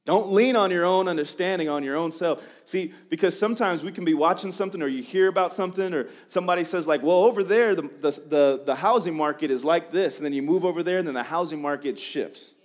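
Man, pastor, sermon, conversational, lively pitch, frequent restarts. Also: fast talker, few pauses.

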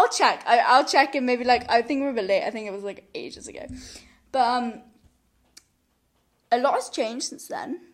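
A woman's voice: a little high, fairly bright tone. A woman hosting her podcast alone, chatting in a rambling way and laughing often, recorded on a large microphone pulled up close while she sits on a couch at home. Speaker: podcast host. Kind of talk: solo casual podcast chat. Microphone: large studio mic pulled up close.

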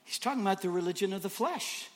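Male preacher, higher pitch, very lively delivery, jumps from whispers to shouts, emphatic repetition. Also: fast. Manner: dramatic swings from hushed whispers to shouts. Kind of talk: sermon.

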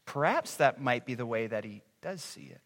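A man preaching a sermon as pastor, animated and acting out grumbling voices. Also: medium pitch, moderate pace. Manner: animated, acts out complaining voices. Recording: reverberant hall.

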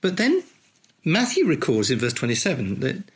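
A man hosting a podcast, teaching conversationally through a Bible passage in a thoughtful, unhurried way, explaining as he reads. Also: mid-range voice, wildly swooping pitch, husky. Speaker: podcast host leading a Bible reflection.

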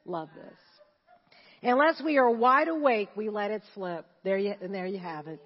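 A woman in her sixties preaching a sermon as pastor, animated and laughing, repeating phrases and chanting. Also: medium pitch, moderate pace, breathy edge. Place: church. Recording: dull sound in a reverberant church hall.

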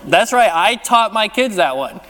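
Male pastor, thirties, slightly higher voice, chatty and playful, long hall reverb. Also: expressive, normal speed, pushed and bright, a faint crowd. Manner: conversational, playful, repeats phrases. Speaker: senior pastor. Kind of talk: sermon. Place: church sanctuary.

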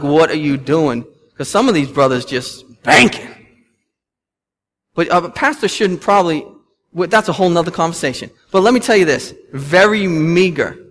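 A man in his thirties preaching a sermon in a church, animated, rising and falling with emphasis and asking the congregation questions. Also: a little high, in a large hall. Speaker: pastor. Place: church sanctuary.

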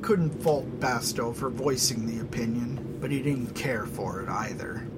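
Man, audiobook narrator, unhurried, measured, fantasy story, mid pitch. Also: noisy background.

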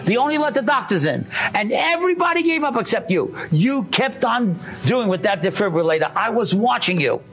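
A man's voice: high voice, very animated, brisk, few pauses, a bit bright, soft background music, voice pushed up, exaggerated voice. A man voicing a grateful middle-aged husband who speaks urgently and emotionally, in a sermon story.

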